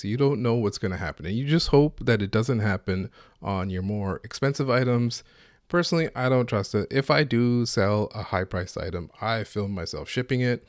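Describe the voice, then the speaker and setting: A man's voice: medium pitch, dry recording, clean studio sound. A man hosting a solo podcast, talking in an opinionated, sardonic, ranting way. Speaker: podcast host.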